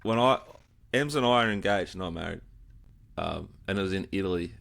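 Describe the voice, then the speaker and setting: Low-voiced Australian podcast host. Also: male voice, moderate pace, creaky, a bit bright. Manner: easygoing banter, leads segments. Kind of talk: casual chat.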